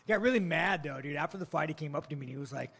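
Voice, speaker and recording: A fighter fields press questions with a gravelly rasp and a voice sitting a little high for a man. He is blunt and profane throughout, mocking everyone around him and laughing at his own jabs. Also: racing, a bit bright. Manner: profane, blunt, provocative trash talk. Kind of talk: brash press-conference answers.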